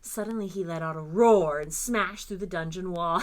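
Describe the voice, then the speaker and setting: A woman librarian reading a picture book aloud to children with expressive, dramatic storytelling. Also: lowish voice, normal speed, hardly any pauses.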